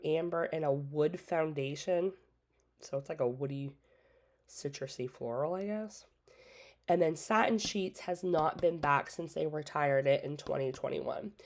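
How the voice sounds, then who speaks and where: A woman with a low-pitched voice chats her way through an old product catalog. She is casual and opinionated, often adds "like" and "so", and talks around a cough drop in her mouth. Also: darkish tone. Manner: chatty, opinionated, lots of "like" and "so". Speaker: independent scent consultant and channel host.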